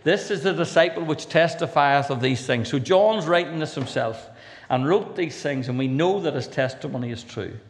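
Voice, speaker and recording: A man's voice: a little high, moderate pace, in a large hall. An older man with a Northern Irish accent preaching a sermon, reading scripture aloud with rising emphasis and dropping in dry, humorous asides.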